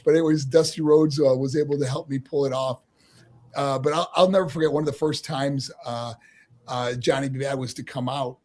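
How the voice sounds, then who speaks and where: A middle-aged man from New York telling lively stories as an interview guest and laughing often. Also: medium pitch, fairly quick. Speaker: guest, former pro wrestler. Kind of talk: casual interview storytelling.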